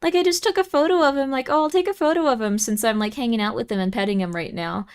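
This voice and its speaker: A woman's voice: fairly high pitch, quick pace, smooth. A young woman streaming and chatting casually with viewers, giggly and easily moved, with lots of fillers.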